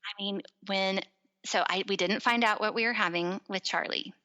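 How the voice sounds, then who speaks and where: Bright, lively woman telling stories. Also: mid-range voice, normal speed, dull audio. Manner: animated, acts out voices in her stories. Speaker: podcast guest. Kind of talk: casual storytelling chat.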